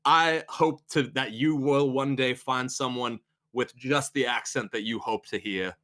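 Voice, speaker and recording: A man voicing a slick, charismatic male cult preacher, speaking in a grand, slow, oratorical way during a tabletop role-play. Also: medium pitch, fairly even intonation, a bit bright, natural voice. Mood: preaching.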